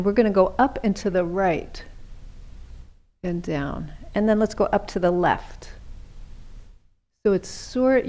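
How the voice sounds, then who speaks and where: A middle-aged woman leading a seated yoga class, giving gentle, chatty cues and often checking in with "right?". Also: medium pitch. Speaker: chair yoga instructor.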